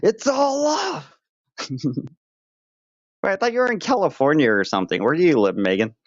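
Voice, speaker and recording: A man's voice: mid-range voice, huge pitch swings, brisk, no echo. A man streaming live and chatting with viewers, joking around in a crude, mock-tough way. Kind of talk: casual livestream chat. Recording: dull lo-fi dry sound.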